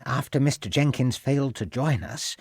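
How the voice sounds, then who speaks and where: An anxious, genteel lady who speaks softly and pleads with the people around her, as a male narrator puts her on. Her voice is raised and gentle, recorded dry and close for an audiobook. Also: medium pitch, normal speed, husky, no echo, voice pushed up, close to an everyday voice. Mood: pleading. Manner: soft, imploring. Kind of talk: audiobook character voice.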